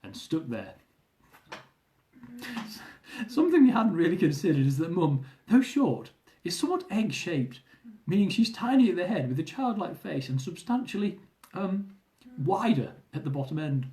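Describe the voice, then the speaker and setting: A man reading his own travel memoir aloud in a lively, amused storytelling manner, often chuckling. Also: high voice, normal speed, echoey room.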